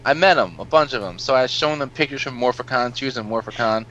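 A man's voice: medium pitch, quick pace, fairly bright tone, a little hiss or hum. Rambling, laughing man telling stories. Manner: rambling, profane, laughs at his own stories. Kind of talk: casual storytelling chat. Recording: dull lo-fi sound.

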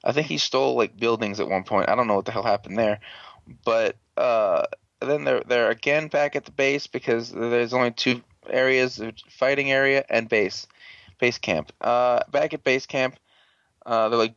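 A man hosting a casual, profane recap, sarcastic and rambling with many fillers and throat clearing. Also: mid-range voice, moderate pace, fairly bright tone, no echo. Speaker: podcast host recapping a show. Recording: dull lo-fi dry sound.

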